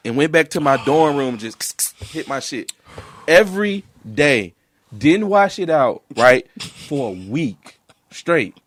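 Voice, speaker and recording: In a loose chat among friends, a young man holds the floor with a high voice that climbs and drops all over the place. He is profane and animated, and laughter keeps breaking into his stories. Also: slow pace. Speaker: podcast co-host.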